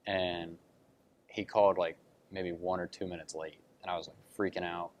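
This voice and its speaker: Young man with a low, flat voice. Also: normal speed, muffled recording, a little hiss or hum. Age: young adult. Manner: earnest, retells quotes, frequent fillers. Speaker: college basketball recruit. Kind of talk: casual interview answers.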